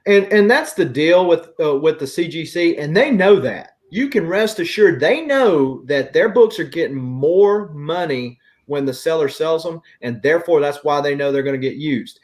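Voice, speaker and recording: An opinionated man with a Southern US accent hosts a loose, chatty conversation. His voice sits a little higher than most men's. He speaks like someone airing a grievance. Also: animated, moderate pace, few pauses. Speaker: host. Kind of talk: casual chat.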